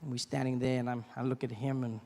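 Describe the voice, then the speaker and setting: A fast-talking man with a medium-pitched voice performs stand-up at a live venue, animatedly acting out other people's voices and accents in his stories. The live stage recording has a big-room sound and noisy ambience.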